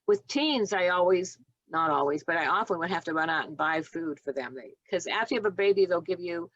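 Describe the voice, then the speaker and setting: A woman's voice: fairly low pitch, fairly quick, no echo, lo-fi sound. A woman in her sixties, a nurse and doula, telling stories in a podcast interview, acting out the dialogue and laughing often. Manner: animated storyteller who acts out dialogue and laughs often.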